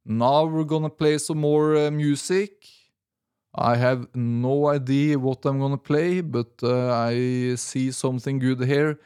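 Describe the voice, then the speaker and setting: A man hosting a music podcast, talking in a casual, halting way with many "uh" fillers as he reads out listener thanks. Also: mid-range voice, steady tone, darkish tone, clean tone. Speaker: podcast music show host.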